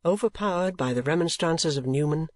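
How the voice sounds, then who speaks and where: A man reading a classic novel aloud as an audiobook, in measured, even scripted narration. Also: a little high, no echo. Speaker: audiobook reader.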